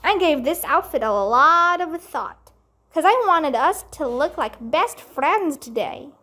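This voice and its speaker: A bossy little girl from a storybook, chirpy and eager, piping high and bright, as a woman reads her aloud. She talks slowly and stretches her words. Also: animated, exaggerated voice.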